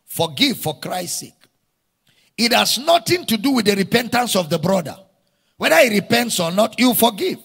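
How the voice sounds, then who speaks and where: Husky Nigerian preacher in a reverberant hall. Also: male voice, high-pitched, sing-song, normal speed, fairly bright tone. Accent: Nigerian English. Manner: preaching with call-and-response to the congregation; repeats key phrases with rising emphasis. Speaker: pastor. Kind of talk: sermon. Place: church hall.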